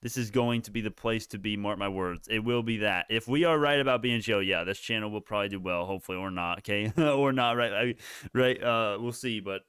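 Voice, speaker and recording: A man's voice: on the low side, brisk, fairly bright tone, clean tone, dry recording, studio quality. Rambling man calling live stock moves. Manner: rambling, self-correcting, profane. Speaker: livestream stock market host. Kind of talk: live market commentary.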